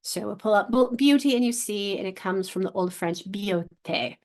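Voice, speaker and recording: A woman literacy instructor leading an online workshop for teachers, encouraging and sounding out syllables slowly. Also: medium pitch.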